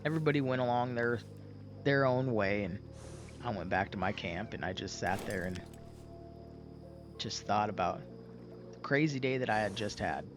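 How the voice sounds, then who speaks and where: A man's voice: fairly low pitch, moderate pace, pauses often, music in the background. A young man casually telling a roleplay story in a folksy, rambling way with many fillers and restarts.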